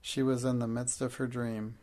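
A man narrating a storybook in a measured, even reading. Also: mid-range voice. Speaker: audiobook narrator.

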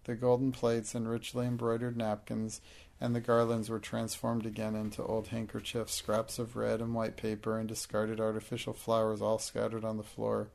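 Man reading a storybook out loud, gravelly and pretty monotone, steady pace. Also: fairly low pitch, normal speed. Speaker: narrator. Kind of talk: audiobook narration.

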